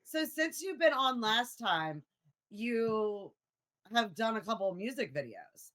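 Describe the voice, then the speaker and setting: Bright lively podcast host. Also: medium pitch, a little slow. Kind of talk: casual interview chat.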